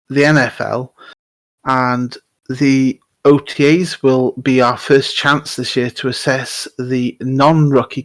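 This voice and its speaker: A man's voice: mid-range voice, no room sound. A man hosting a casual sports podcast, chatty and laughing easily, often restarting his sentences. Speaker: podcast host.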